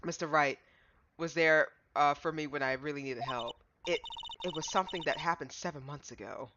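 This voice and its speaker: Calm polite young manager lady, read by a woman streamer, kinda low voice, muffled and hissy. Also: moderate pace, natural voice. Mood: earnest. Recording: muffled lo-fi with clear background noise.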